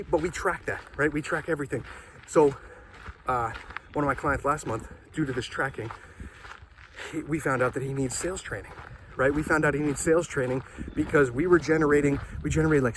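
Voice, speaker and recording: A man running a marketing agency gives a casual sales pitch while walking up a hill outdoors, talking chattily and checking in with the listener. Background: wind and passing traffic.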